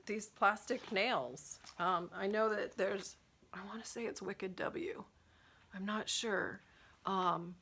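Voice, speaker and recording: A woman's voice: medium pitch, vocal fry, a bit bright. A woman hosting a casual nail care livestream, chatting loosely and reading out viewer questions with many fillers and restarts.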